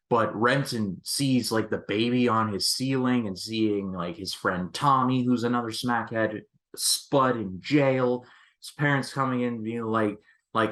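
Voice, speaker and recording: Guy doing a casual movie review vlog, chatty and expressive, mid-pitched voice. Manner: chatty and expressive, with frequent "like"s and restarts.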